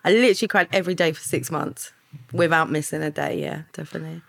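A woman with a lowish, gravelly voice, speaking as a podcast interview guest. She talks earnestly and softly, letting sentences fade into quiet asides. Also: fast talker. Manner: earnest, soft-spoken, trails off into quiet asides.

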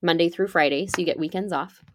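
A woman's voice: lowish voice, quick pace, dry recording. A woman on a podcast, explaining emergency preparedness step by step in an upbeat, chatty way. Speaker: podcast guest, preparedness expert. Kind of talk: casual podcast conversation.

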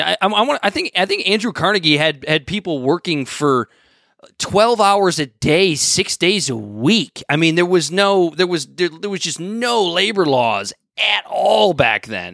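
A man co-hosting a podcast in casual chat, halting and repeating words as he talks. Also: on the high side, vocal fry, a bit bright, dry recording, clean studio sound. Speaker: podcast co-host.

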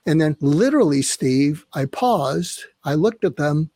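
A man's voice: fairly high pitch, brisk, hardly any pauses, dry recording, clean studio sound. An older man, a psychiatrist guest on a podcast interview, telling a story animatedly and acting out the dialogue. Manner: animated storyteller who acts out quoted dialogue.

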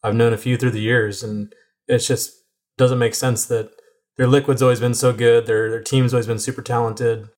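Brief: male brewery guest, easygoing, enthusiastic, mid pitch. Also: flat delivery, normal speed, darkish tone. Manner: easygoing, enthusiastic, stammers on starts. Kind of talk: casual chat.

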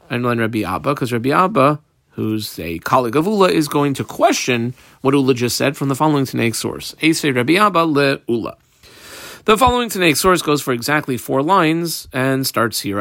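A man reads through a Talmud page phrase by phrase, pausing to translate and explain each line. His voice sits at an ordinary pitch and is recorded close and dry, with no room sound around it. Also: vocal fry, fairly bright tone, dry recording. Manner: explains text line by line, reading Aramaic then translating. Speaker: Talmud teacher. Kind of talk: daily Talmud page lesson.

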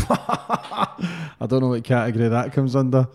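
A man hosts an interview podcast. He asks short, direct questions and breaks into quick laughs. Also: medium pitch, expressive. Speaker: podcast host.

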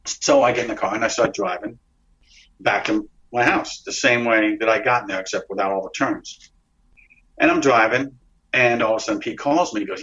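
A man's voice: lowish voice, normal speed. Rambling man telling a wild story, lo-fi. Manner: rambling, excited storytelling with many restarts and profanity. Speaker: interview guest, whistleblower. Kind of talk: storytelling in an interview. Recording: dull lo-fi recording.

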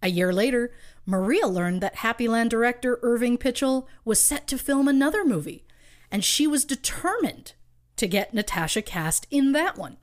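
A woman's voice: on the high side, lively intonation, moderate pace. A woman co-hosting a podcast, telling a true crime story from her research with wry asides and light laughs. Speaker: podcast co-host.

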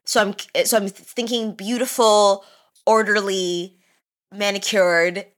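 A woman's voice: mid-range voice, fairly even intonation, slow. A woman co-hosting a podcast in casual chat, musing aloud in a wry way. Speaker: podcast co-host.

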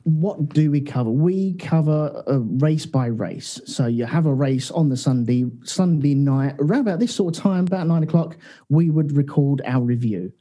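A man with a husky, mellow voice chats as a podcast guest. He banters and makes jokes at his own expense. His tone stays soft rather than bright. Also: fairly high pitch, expressive, normal speed. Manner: joking, self-deprecating banter. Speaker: podcast guest, co-host of another show. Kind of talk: casual chat.

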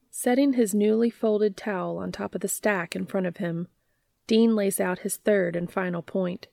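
A woman reading fan fiction aloud as a podcast narrator, with a steady storytelling delivery. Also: medium pitch, normal speed, gravelly, no room sound.

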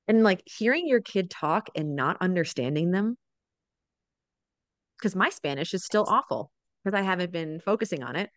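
A woman's voice: on the low side, moderate pace, no room sound. A woman in her thirties, a mother of four, telling family stories in a casual interview and often checking in with "right?". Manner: animated storyteller, often adds "right?". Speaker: guest, mother of four living abroad.

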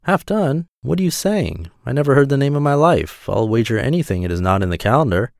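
A man voicing a trusting, fretful little female mouse in a fairy tale, asking in a high, wondering tone. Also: animated, fast, dry recording, studio quality. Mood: puzzled. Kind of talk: storybook reading.

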